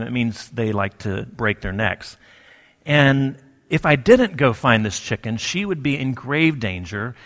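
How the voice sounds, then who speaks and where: A man giving a sermon in a conversational, storytelling way, with pauses for effect. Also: mid-range voice, fairly bright tone. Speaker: pastor. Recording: long hall reverb.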